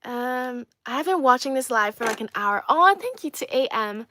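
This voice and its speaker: Young woman from China, livestream host, chatty, playful, repeats herself, higher pitch. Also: expressive, moderate pace, sharp tone, a little hiss or hum. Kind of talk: casual livestream chat reading comments.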